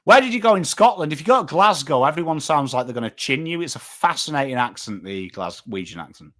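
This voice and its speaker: A man in his thirties from northern England hosts a live footy watchalong, chatting casually with viewers in a fairly high, bright voice. He talks quickly with lively intonation, rambling, swearing casually, and reading out names from the chat.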